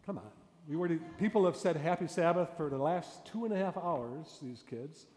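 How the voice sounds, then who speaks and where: A man who is a pastor teaches a storytelling workshop, lively and playful, acting out storyteller voices and dropping to a hushed tone for suspense. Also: fairly high pitch, normal speed. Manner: animated, acts out storytelling voices, drops to a whisper for suspense. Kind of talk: interactive workshop lesson. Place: church hall. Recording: echoey hall, long reverb.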